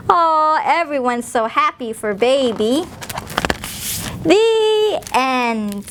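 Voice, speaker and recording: A woman who is a children's librarian, reading aloud and teaching preschoolers in a gentle, sing-song way. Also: high-pitched, expressive, slow pace. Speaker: children's librarian hosting story time.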